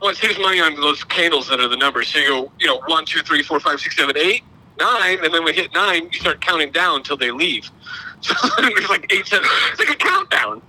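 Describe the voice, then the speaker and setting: Guy rambling through a funny story on a podcast, high pitched, laughs at himself. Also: expressive, a little fast, sharp tone, poor audio. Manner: rambling, self-deprecating storyteller. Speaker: podcast co-host. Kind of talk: casual chat, storytelling.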